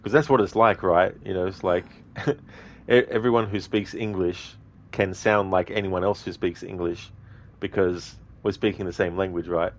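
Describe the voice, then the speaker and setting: Rambling Australian man, deep voice. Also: fairly even intonation, moderate pace. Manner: rambling, lots of fillers. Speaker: streamer playing a video game. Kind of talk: casual commentary.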